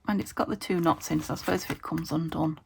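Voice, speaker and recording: UK woman crafting host, casual meandering chat, low gravelly voice, noisy home recording. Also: steady tone, fast, a little mellow. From United Kingdom. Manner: chatty and meandering, talking to herself while working.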